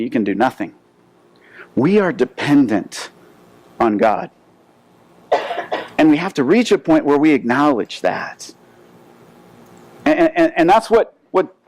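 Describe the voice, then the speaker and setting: A man's voice: a little high, dry recording, poor audio. Storytelling male pastor, dry sound. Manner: storytelling with animated asides and repeated word restarts. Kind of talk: sermon.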